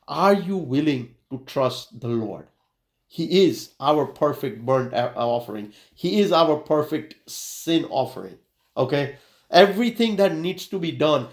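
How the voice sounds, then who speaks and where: Male preacher, halting delivery, fairly high voice, echoey room. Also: darkish tone. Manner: halting, many fillers and restarts. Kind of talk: sermon with illustration and prayer.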